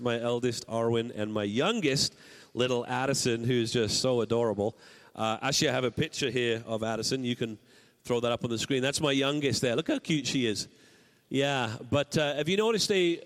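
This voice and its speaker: A man in his forties preaching to his congregation in a church hall with a long, ringing reverb. His voice sits a little higher than most men's, and he lifts it further when he reads scripture dialogue aloud. Between passages he drops into playful, self-mocking asides. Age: 40s. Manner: animated, raising pitch when reading Bible dialogue. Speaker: pastor. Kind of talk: sermon.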